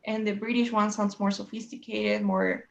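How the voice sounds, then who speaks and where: A woman's voice: mid-range voice, little pitch movement, moderate pace, creaky, highs cut off, slight background noise. A woman teaching a one-on-one English lesson, explaining in a chatty way and often checking with "right?" and "you know?".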